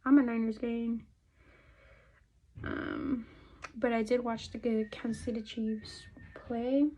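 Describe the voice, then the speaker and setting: Young woman, slightly high voice, casual makeup vlog chat, profane, rambling, trails into murmurs. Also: level tone, takes it slowly, warm tone, poor audio. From California. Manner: chatty, profane, rambling, drops to murmurs and half-whispers. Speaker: beauty vlogger.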